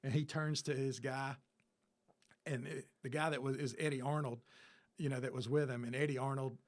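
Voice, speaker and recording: A man's voice: medium pitch, steady tone, normal speed. A middle-aged man, telling a long industry anecdote as an interview guest, full of fillers and acted-out dialogue. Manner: rambling, filler-heavy, acts out dialogue. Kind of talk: casual anecdotal storytelling.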